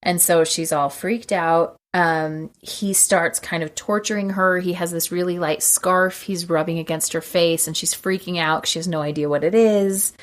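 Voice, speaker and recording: A woman with a low voice hosts a casual podcast and walks through a film plot. Her retelling is animated, and she slips into the characters' lines as she goes. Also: moderate pace, hardly any pauses. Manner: animated retelling, acting out quotes. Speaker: podcast co-host.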